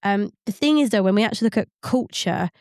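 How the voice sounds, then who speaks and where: A woman co-hosting a podcast, explaining workplace psychology in a measured way with many fillers. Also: medium pitch, lively intonation, a little mellow, no room sound, studio quality. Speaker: psychologist co-host. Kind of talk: podcast advice chat.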